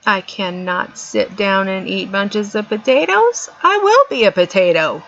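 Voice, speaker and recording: A woman's voice: medium pitch, animated, measured pace, fairly bright tone. A middle-aged woman vlogger giving an earnest, emphatic motivational talk, repeating her points for stress. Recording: dull lo-fi sound.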